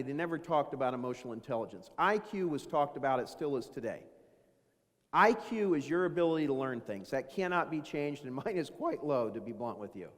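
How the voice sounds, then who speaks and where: A man in his fifties delivers a motivational business talk from a stage, his fairly high voice ringing with the long reverb of a large hall. He speaks in a folksy storytelling way, full of self-deprecating asides. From Dayton, Ohio. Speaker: keynote speaker.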